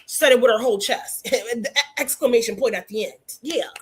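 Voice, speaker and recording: A woman hosting a casual hair care livestream, teaching and teasing viewers by name in an animated way. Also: fairly high pitch, moderate pace, background noise.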